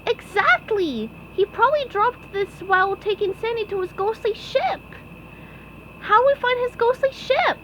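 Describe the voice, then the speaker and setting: A woman voicing an eager young male sea sponge detective from a cartoon storybook, squeaky and earnest. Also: animated, unhurried, a bit bright, slight background noise, heavily acted, poor audio. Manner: squeaky and earnest, stammers when scared.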